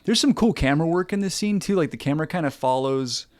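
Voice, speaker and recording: A man's voice: on the high side, animated, quick pace, dry recording, studio quality. A man co-hosting a podcast, chiming in and finishing his partner's sentences while recapping a film. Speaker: podcast co-host. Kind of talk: casual film recap chat.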